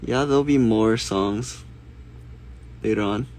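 Slow, soft-spoken man chatting. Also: lowish voice. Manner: soft-spoken, unhurried, reads questions aloud. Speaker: livestreamer answering fan questions. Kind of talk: casual live chat.

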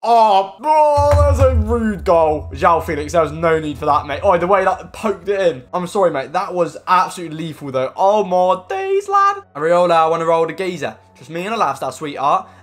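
A young man commentating his own football video game matches, excitable and swearing, often yelling at the players. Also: a little high, a little fast, few pauses. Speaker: gaming YouTuber. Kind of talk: live gameplay commentary.

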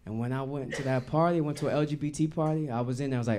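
A man performing a stand-up comedy set on a live stage, talking in a loose, slangy way and acting out characters in quick quotes. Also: mid-range voice, warm tone, a little hiss or hum. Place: live venue stage with audience.

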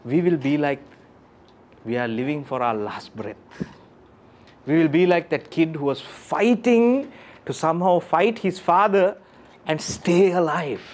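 A man's voice: a little high, a little hiss or hum. Guy giving a pep talk to a crowd, voice jumps way up and down, keeps asking the room questions and repeating himself. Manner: animated, keeps questioning the audience; emphatic, repeats key phrases. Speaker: motivational speaker. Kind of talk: live talk to an audience. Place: lecture room with audience.

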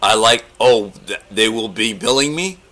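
A man making a prank call, rambling and joking in a deadpan way. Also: fairly low pitch, moderate pace, a crowd in the background. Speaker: comedy prank caller.

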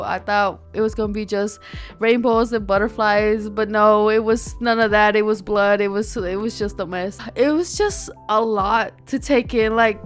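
A woman hosting a reaction video in casual, excitable talk, gasping, repeating herself and slipping into slang. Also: mid-range voice. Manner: slangy, says "bro" and "y'all".

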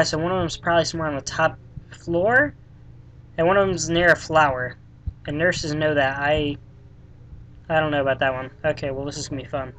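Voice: mid-range voice, slight background noise, rough recording. Sarcastic, swearing game commentator. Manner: sarcastic, deadpan, swears often. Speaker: let's play gamer. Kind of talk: casual gameplay commentary.

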